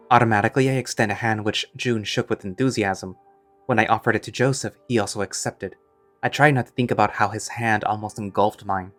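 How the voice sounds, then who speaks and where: A man's voice: on the low side, fairly even intonation, a little fast, fairly bright tone, faint music behind. A man reading a first-person story aloud in a wry, conversational way.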